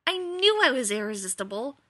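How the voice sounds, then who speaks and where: A woman's voice: sits high, big pitch swings, fairly quick, sharp tone, dry recording, pitched above the performer's own voice, full character voice. A woman reading the part of a sarcastic, self-important, fretful man elf in a storybook tale. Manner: exasperated, sarcastic.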